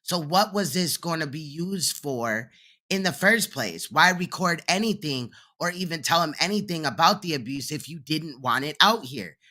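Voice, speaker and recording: A man's voice: fairly high pitch, lively intonation, moderate pace, sharp tone. A man hosting a reaction commentary, talking bluntly and profanely and mocking the clip he plays. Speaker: commentary host.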